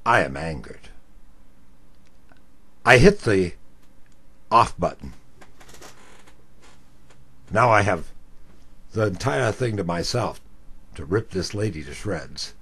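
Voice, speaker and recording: An older man, once a talk radio host, telling a story with self-mocking asides. His voice is low and husky, and he takes his time. His pitch rises and falls freely as he tells it. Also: animated, slow pace, pauses often, fairly bright tone. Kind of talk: storytelling monologue.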